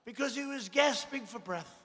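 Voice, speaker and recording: Man politician at a rally, very high strained shouting pitch, bright pushed tone, boastful and mocking, long venue reverb. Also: normal speed. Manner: boastful, mocking, repetitive phrasing; frequent shouted lines to a crowd. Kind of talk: campaign rally speech.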